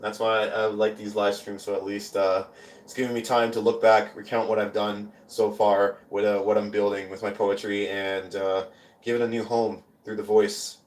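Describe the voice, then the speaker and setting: A man's voice: lowish voice, little pitch movement, moderate pace. Spoken word poet, male: easygoing asides between rhythmic, repeated verses, recorded on a phone in an echoey room. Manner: casual rambling talk between chanted, repeated poem lines. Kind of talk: live-stream spoken word performance. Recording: roomy echo.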